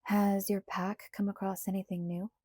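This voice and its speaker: A woman voicing a calm, composed young male vampire in an audiobook, speaking quietly and evenly. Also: medium pitch, no room sound, clean studio sound, natural voice. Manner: quiet and measured.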